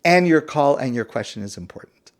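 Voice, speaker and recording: A man's voice: mid-range voice, animated, a little fast. A man teaching as a rabbi in a class on the weekly Torah portion, telling stories with self-deprecating humor and asking pointed questions. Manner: asks pointed rhetorical questions.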